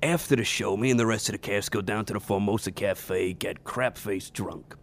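A man's voice: on the low side, moderate pace, slight background noise, lightly acted. A man playing a brash, crude old vaudeville-style comic in a comedy sketch, firing off punchlines. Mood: boastful. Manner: brash joke-telling with rimshot-style punchlines.

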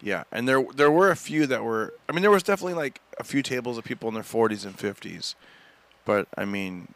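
A man's voice: medium pitch, lively intonation, fast talker, fairly bright tone, no room sound. A man, a stand-up comedian, telling a rambling story with frequent chuckles in a casual podcast chat.

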